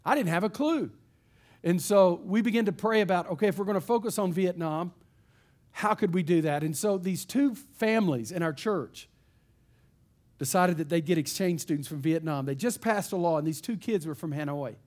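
A man from East Texas, a pastor telling a story in a sermon in an animated, folksy way. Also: high voice, normal speed.

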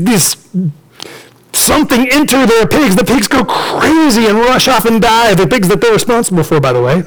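High-voiced animated preacher. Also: male voice, moderate pace, low-quality recording. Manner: lively, joking, acts out the characters. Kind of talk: storytelling sermon.

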